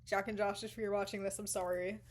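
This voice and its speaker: A young woman vlogger casually telling a dramatic personal story, animated, swearing now and then and dropping into sudden whispers. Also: medium pitch, a little fast.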